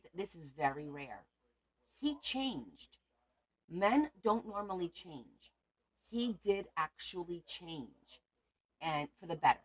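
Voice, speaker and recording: A woman hosts a casual crafting livestream from home. She chats freely with her viewers as she shows her work, in a voice a touch low in pitch. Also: a bit bright.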